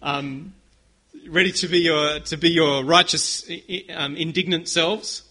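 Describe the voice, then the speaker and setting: Earnest high-voiced male preacher. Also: fairly even intonation, a little slow, sharp tone. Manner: earnest, leading the congregation in call-and-response. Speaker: pastor. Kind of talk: sermon.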